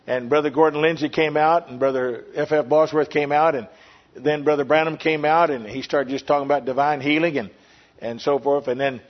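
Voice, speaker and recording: An older man, preaching and telling a personal testimony as a pastor, earnest and repetitive with pauses. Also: a little high. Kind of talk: sermon testimony. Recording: lo-fi dull recording.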